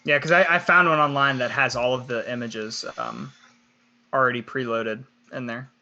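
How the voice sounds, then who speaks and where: A man's voice: mid-range voice, fairly even intonation, normal speed, bright, forceful tone, muffled recording. A young man co-hosting a live podcast, chatting casually, laughing often and reading chat comments aloud. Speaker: podcast co-host.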